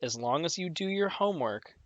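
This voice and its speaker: A young man co-hosting a podcast, telling a story in a deadpan, sarcastic way. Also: fairly high pitch, fairly quick, no echo. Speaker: podcast co-host. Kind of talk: casual chat.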